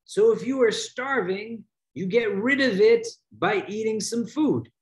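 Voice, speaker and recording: High-voiced man giving an emphatic religious talk. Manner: emphatic, drops low and slows on key words. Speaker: imam. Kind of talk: religious lecture.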